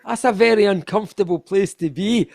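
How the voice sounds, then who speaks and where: Gravelly Scottish man, rambling and laughing. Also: high voice, fairly quick, a little mellow, dry recording. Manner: rambling, self-deprecating, laughs often. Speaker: guest musician. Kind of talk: casual interview chat.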